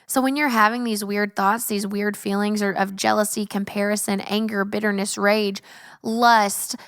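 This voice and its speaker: A young woman talks earnestly on her faith podcast, casual and filler-heavy, often acting out her own thoughts in quotes. Her voice sits at an ordinary middle pitch. She is recorded close on a dry mic with no room sound. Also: level tone, moderate pace, fairly bright tone, clean tone, dry recording. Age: young adult. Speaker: podcast host. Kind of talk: faith-based personal podcast talk.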